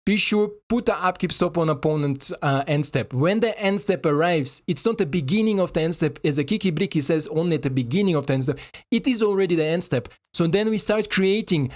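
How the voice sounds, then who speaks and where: A man giving casual, excitable commentary over a card game, swearing and talking to his viewers in non-native English. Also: fairly high pitch, brisk.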